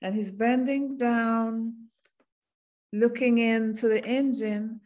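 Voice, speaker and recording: A woman with a Jamaican accent, a singer guesting on a podcast, telling a story in an animated way, laughing and acting out voices. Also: fairly high pitch, takes it slowly.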